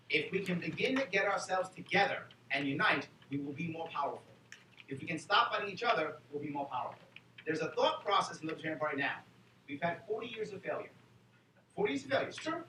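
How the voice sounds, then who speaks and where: New man, high bright voice, joking convention speaker, miked from afar in an echoey hall. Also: fast. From New York City. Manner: animated, joking, fires rhetorical questions at the crowd. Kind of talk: political convention speech. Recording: echoey hall, far from the mic, faint noise.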